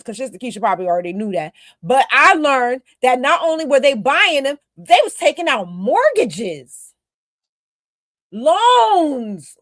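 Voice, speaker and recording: A woman's voice: sits high, fairly bright tone, no room sound, clean studio sound. A woman co-hosting a podcast, giving emphatic, scolding commentary aimed straight at her critics. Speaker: podcast co-host. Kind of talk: casual commentary.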